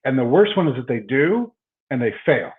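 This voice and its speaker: A middle-aged man with a mild Texan accent talks through a tinny, phone-like line. He is a guest in a casual podcast chat, mid-pitched, telling stories with frequent restarts and repeated words. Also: big pitch swings, normal speed. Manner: storytelling, many repeated word starts. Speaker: chiropractor guest.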